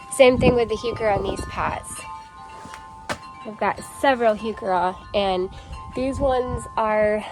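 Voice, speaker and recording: A woman vlogging about her home garden in a casual, rambling chat, talking straight to her viewers while she works outdoors. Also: medium pitch.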